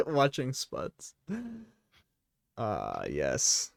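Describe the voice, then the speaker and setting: A man's voice: lowish voice, wildly swooping pitch, extremely slow, vocal fry, no room sound, studio quality. A man running a tabletop game, chatting playfully and narrating a pet cat's antics. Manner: playful, narrates a cat in silly voices. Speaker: game master. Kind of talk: casual chat.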